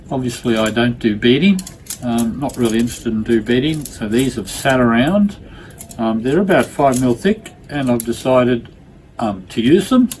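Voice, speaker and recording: A man with a croaky voice, talking casually and hesitantly as he hosts a glass fusing tutorial, often pausing on ums and uhs. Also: mid-range voice, a little mellow, slight background noise, low-quality recording. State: croaky voice from lingering illness.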